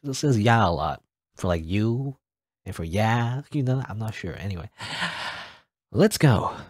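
A man's voice: lowish voice, animated, normal speed, no echo, clean studio sound. A man hosting a let's play, reading game dialogue aloud and adding joking asides. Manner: joking asides between read-out lines.

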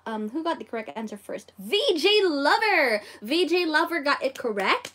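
A woman's voice: sits high, fairly bright tone. A woman with a Filipino accent hosting a casual livestream Japanese lesson, bubbly and exclaiming often as she reads viewer comments. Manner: bubbly, exclaims and giggles often, code-switches. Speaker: livestream host teaching Japanese.

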